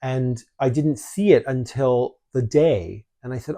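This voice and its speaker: Brief: male podcast host, warm mellow tone, lively storyteller, casual chat. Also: medium pitch, measured pace, hardly any pauses. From Canada. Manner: chatty, animated storytelling.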